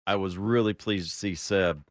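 A man with a fairly low voice talks on a motorsport podcast. He is casual and makes dry quips between points. The sound is dry and close. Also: steady tone, normal speed, no room sound. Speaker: podcast co-host.

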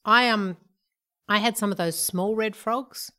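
A woman's voice: medium pitch, unhurried, fairly bright tone. A middle-aged woman co-hosting a podcast, chatting and giggling about snacks. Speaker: podcast co-host. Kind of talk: casual chat.

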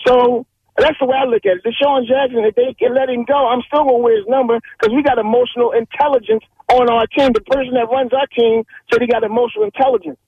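A man phones in to a radio show and rambles along cheerfully, doubling his words as he jokes. His voice sits very high. The line is muffled and dull. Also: steady tone, quick pace, slightly rough, dry recording. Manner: rambling, jokey, repeats words. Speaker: caller. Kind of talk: call-in radio chat.

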